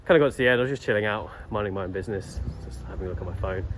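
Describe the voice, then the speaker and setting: A man's voice: fairly low pitch, very fast, noisy background. A young man vlogging, telling a story in a laid-back, rambling way with lots of fillers and restarts. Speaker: travel vlogger. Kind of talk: casual storytelling vlog.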